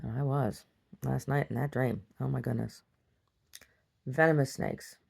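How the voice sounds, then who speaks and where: A woman vlogger casually retelling a dream in a rambling, animated way, full of restarts. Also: a bass voice, unhurried, gravelly, husky. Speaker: video diary vlogger. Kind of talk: casual storytelling to camera.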